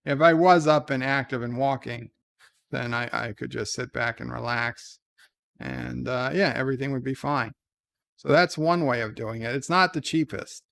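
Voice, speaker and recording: A man's voice: mid-range voice, lively intonation, normal speed, creaky, fairly bright tone, dry recording. A man hosting a casual livestream, reading advice letters and chat in a rambling, hesitant, self-deprecating way. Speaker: streamer host.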